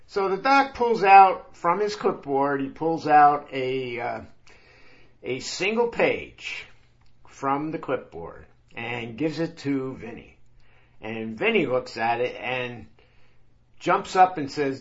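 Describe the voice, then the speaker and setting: Guy slowly spinning a yarn, lively up and down voice, muffled lo-fi recording. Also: medium pitch. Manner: slow, easygoing yarn-spinning with fillers. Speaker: storyteller. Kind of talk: storytelling.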